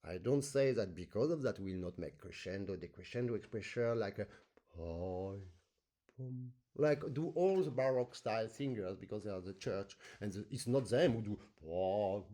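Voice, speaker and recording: Animated man teaching accordion. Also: on the low side, normal speed. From France. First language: French. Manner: animated, sings rhythms in syllables, non-native English phrasing. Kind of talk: masterclass teaching with sung demonstrations.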